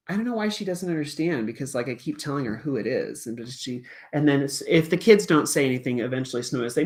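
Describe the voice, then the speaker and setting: A woman's voice: a bass voice, lively intonation, fast, few pauses, darkish tone. A woman who teaches music to kindergartners, explaining her classroom puppet lessons in a chatty, storytelling way from a small office.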